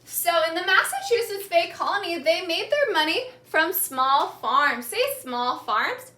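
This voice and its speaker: A woman teacher giving a classroom lesson, speaking slowly and clearly and repeating key words for the class to echo back. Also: very high voice, expressive, pushed and bright, a little hiss or hum. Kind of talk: classroom lesson with call-and-response reading.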